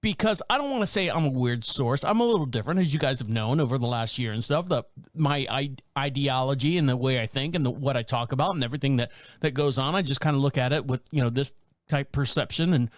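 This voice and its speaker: A fast-talking man in his fifties with a medium-pitched voice hosts a podcast from a small rural town. He's animated and casual, rambling through funny stories, doing voices, and laughing a lot. There's no room sound, and the audio is studio quality.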